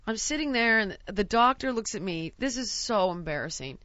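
A woman's voice: mid-range voice, animated, moderate pace, sharp tone, dry recording, muffled recording. A woman in her forties telling a comic story about her own life, acting out the people in it with self-mocking animation. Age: 40s. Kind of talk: comedic storytelling.

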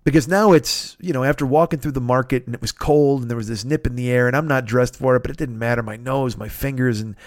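A man spinning a casual story as a podcast host. He swears freely and keeps an animated, chatty delivery. His voice sits in a middle register, recorded dry and close. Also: mid-range voice, fast talker, few pauses, no room sound.

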